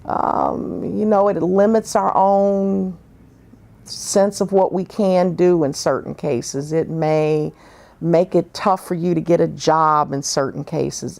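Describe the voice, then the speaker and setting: A woman with a low, gravelly voice tells her story in an oral history interview. She speaks frankly and reflectively, pausing often with fillers as she gathers her thoughts. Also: darkish tone. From northern United States.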